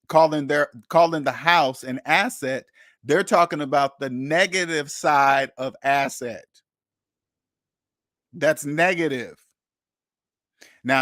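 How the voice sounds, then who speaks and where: A man's voice: fairly high pitch, fairly bright tone, no echo, studio quality. A man hosting a live money chat, talking casually and animatedly, repeating himself and acting out the people he quotes. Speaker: channel host answering chat.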